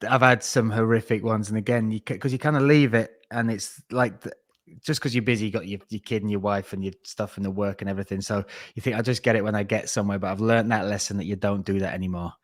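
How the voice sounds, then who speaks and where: A man's voice: lowish voice, steady tone, quick pace, no room sound, clean studio sound. A man joking and laughing as a guest on a video-call podcast chat from a small home office. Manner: laughing, self-mocking banter. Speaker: podcast guest, MMA presenter. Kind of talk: casual chat.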